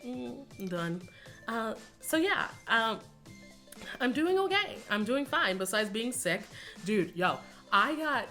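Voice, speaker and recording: A Texan YouTuber in her twenties chats casually with her viewers in a rambling vlog. Her medium-pitched voice has a sharp tone, she laughs often, and she calls everyone "y'all."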